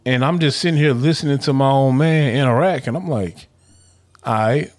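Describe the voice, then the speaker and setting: A man's voice: mid-range voice, fairly quick. A man co-hosting a podcast, telling rambling stories in slangy casual talk. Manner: rambling, animated storytelling with slang and repeats. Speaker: podcast co-host.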